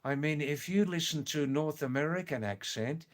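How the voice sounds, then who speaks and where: A man with an Australian accent chatting on a live stream, reading viewer comments slowly and clearly with frequent chuckles. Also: on the high side.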